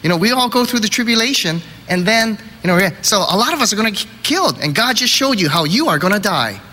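A man acting out an excited young male churchgoer who treats grim news as good news. The voice sits high and bright and rings out into a long hall reverb over faint noise. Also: a little slow, heavily acted. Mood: cheerful. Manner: eager, matter-of-fact about death.

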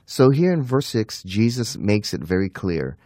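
Man with a lowish voice teaching bible apologetics, earnest, slows for emphasis, dry sound. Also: big pitch swings, mellow, dry recording. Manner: earnest, emphatic, slows down to stress key phrases.

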